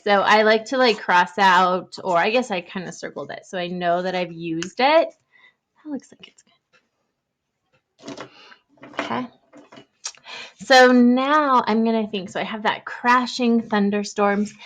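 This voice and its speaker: A young adult woman teacher giving an online writing lesson to young children, thinking aloud in a gentle, encouraging way. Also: mid-range voice, unhurried.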